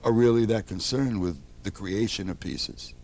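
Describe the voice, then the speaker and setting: A man being interviewed, telling relaxed anecdotes and acting out the people in them. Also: fairly low pitch, moderate pace. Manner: animated, acts out quoted people. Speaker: interview guest, theater producer.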